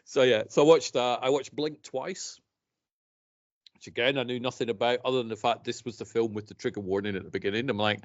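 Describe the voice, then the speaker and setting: A man's voice: medium pitch, fairly even intonation, fairly quick, muffled recording. A man in his fifties from Scotland with an accent mixed between Scottish and English, chatting casually as a podcast co-host and laughing often. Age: 50s. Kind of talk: casual chat.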